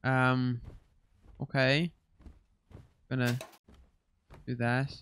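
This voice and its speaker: A young man commenting as he plays a horror game, jumpy and swearing and yelling when startled. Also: mid-range voice, level tone, extremely slow, clear, resonant tone, no echo. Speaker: gaming streamer.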